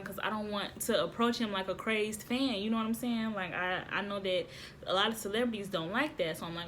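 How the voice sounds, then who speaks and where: A woman vlogging casually, telling a story to viewers in an excitable way, repeating phrases and laughing often. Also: mid-range voice, fairly quick, a little hiss or hum.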